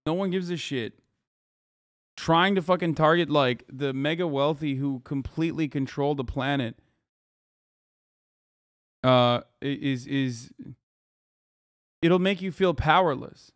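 A man's voice: a little high, no room sound. Ranting male streamer, dry close mic. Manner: profane, incredulous, rapid-fire ranting. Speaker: streamer reacting to a video. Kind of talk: live stream commentary.

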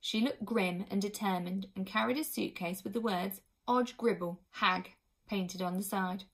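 A woman narrating a storybook aloud, clear and expressive, at a mid pitch. She reads steadily and warmly through the prose. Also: moderate pace. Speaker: audiobook reader. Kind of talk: storybook reading.

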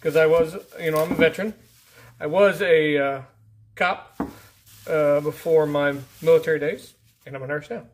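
A man hosting a casual mail-call vlog, rambling and easygoing as he opens packages, often trailing off into low mutters. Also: steady tone, moderate pace. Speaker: YouTube channel host. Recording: faint background noise.

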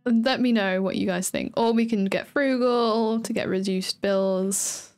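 A woman's voice: medium pitch, fairly even intonation, unhurried, a little mellow, smooth, faint music behind. A tired woman with a chatty, giggly, rambling manner, casually commenting on her gameplay as a streamer.

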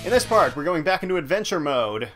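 A man's voice: on the high side, sing-song, quick pace, a bit bright. A man hosting a let's play, casually commenting on his gameplay with rambling, self-mocking asides. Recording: game music playing underneath. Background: game music.

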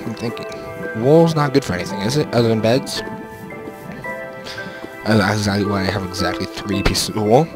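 A man's voice: on the low side, brisk, pauses often. A young man casually commenting on his own gameplay through a headset, rambling to himself with playful sing-song bits. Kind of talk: casual let's-play commentary. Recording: game music playing under the voice.

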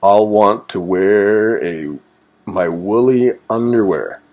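A man's voice: fairly low pitch, takes it slowly, darkish tone. A man voicing a sensible, cautious woodchuck in a children's story read aloud. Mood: practical.

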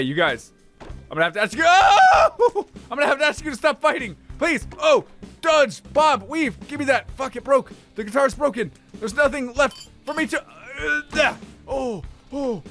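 A young man commentating his own game play, excitable, swearing and yelling at enemies. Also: very high-pitched, gravelly. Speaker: gaming channel host.

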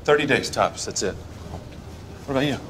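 A man's voice: medium pitch, lively intonation, normal speed, heavy background noise, lightly acted. An actor playing a meek, anxious new male inmate who speaks hesitantly. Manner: hesitant, pleading.

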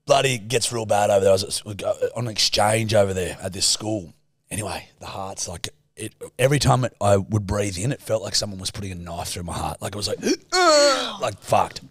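A man's voice: on the low side, big pitch swings, brisk, fairly bright tone, no echo, clean studio sound. A young Australian man co-hosting a podcast, telling rambling stories in casual chat, crude and swearing freely. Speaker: podcast co-host.

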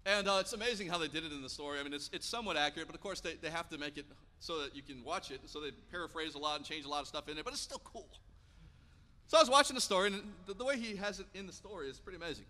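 A man in his thirties preaching a sermon in church, telling stories and acting out the quotes with lively energy. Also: on the high side, racing. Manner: animated storytelling, acting out quotes. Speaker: pastor. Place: church sanctuary. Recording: long church hall reverb.

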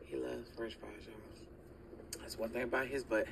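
A woman's voice: rumbling low, steady tone, measured pace, gravelly, noisy background. A woman chatting casually inside a car at night, teasing her partner and talking to viewers. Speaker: girlfriend in a filmed car clip. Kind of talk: casual chat while driving. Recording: car clip with loud background ambience.

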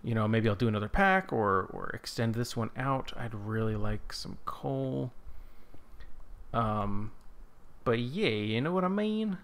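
A man hosting a gaming channel, chatting casually over his own gameplay in a rambling way that breaks into startled, excited exclamations. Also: medium pitch, a little slow. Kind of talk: casual let's-play commentary.

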